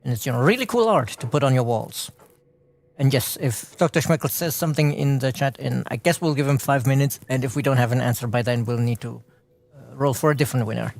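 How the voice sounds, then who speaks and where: A man's voice: medium pitch, brisk, vocal fry. A man hosting a live game stream, chatting and commenting on gameplay, laughing often and restarting his words.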